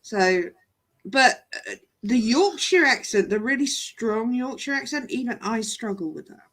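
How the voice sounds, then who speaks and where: Woman, casual live-stream chat, fairly high voice, bright tone, laughs often. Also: lively intonation, a little slow. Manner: chatty, laughs often, mimics regional accents.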